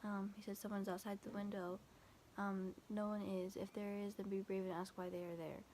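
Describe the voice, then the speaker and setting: Flat, gravelly young woman telling a story. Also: medium pitch, moderate pace, slight background noise. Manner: quotes texts with constant "I was like", "he's like"; rambling, filler-heavy, frequent restarts. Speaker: vlogger. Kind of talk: casual storytime retelling.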